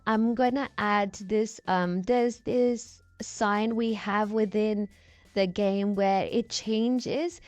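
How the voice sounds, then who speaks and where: A woman's voice: fairly high pitch, takes it slowly, a little mellow, no room sound. A chatty, rambling woman from the UK, speaking through a voice changer as she gives casual commentary over her game building.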